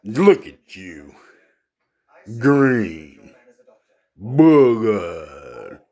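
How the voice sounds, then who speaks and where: A proud lion king who struts and brags about his mane and roar, as a man puts him on. He speaks low and slow, with a self-important swagger. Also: very animated, mellow, full character voice. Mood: mocking.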